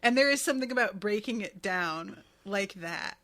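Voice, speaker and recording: A woman's voice: medium pitch, lively intonation, moderate pace, sharp tone. A woman co-hosting a podcast, chatting casually and animatedly as she recaps a show, laughing often and acting out quotes. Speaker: podcast co-host.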